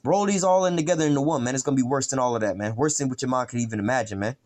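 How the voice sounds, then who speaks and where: A man's voice: mid-range voice, very fast, a little mellow. A man giving an informal bible lesson as a street preacher, rambling and slangy, with frequent profanity and fillers.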